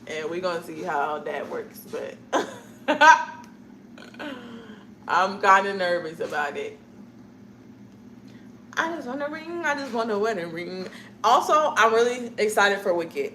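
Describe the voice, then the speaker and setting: A woman's voice: medium pitch, a bit bright, roomy sound, a little hiss or hum, poor audio. A young woman chatting casually with her live viewers, rambling from one thought to the next and laughing often.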